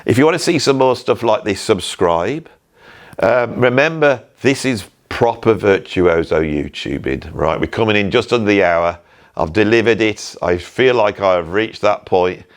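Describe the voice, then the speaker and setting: A man's voice: fairly low pitch, animated, normal speed. A man giving blunt, ranting commentary on the music business, with some self-mockery. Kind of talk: casual spoken commentary.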